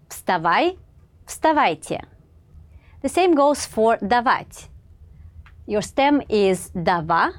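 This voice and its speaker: A woman with a voice of middling pitch narrates a scripted grammar lesson. She speaks in a measured, clear way, pausing after each example word. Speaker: language teacher.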